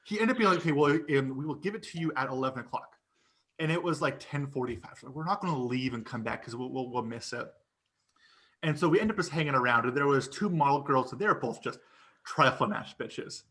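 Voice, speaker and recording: A man co-hosting a podcast, telling a story in casual chat, animated and profane, laughing often and acting out what people said. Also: mid-range voice, fairly quick. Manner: animated, laughing storyteller who swears and acts out quotes. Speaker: podcast co-host.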